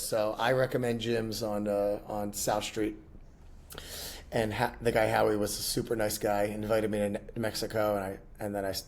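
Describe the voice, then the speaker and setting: Gravelly man telling stories with laughs. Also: mid-range voice, a little mellow. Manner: laughing storyteller, rambling anecdotes. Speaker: podcast guest. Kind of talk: casual chat.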